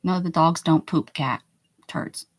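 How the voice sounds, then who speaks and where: This livestreaming art journal creator chats playfully with her viewers while crafting a page, answering the chat with jokes and exclamations. Her voice sits low and she takes her time.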